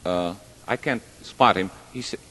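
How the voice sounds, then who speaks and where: A man's voice: deep voice, a little slow, bright, forceful tone. Chatty man telling jokes in a hall. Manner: chatty, rambling, self-deprecating. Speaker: stage performer. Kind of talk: live stand-up joke telling. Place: large hall with live audience. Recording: long hall reverb.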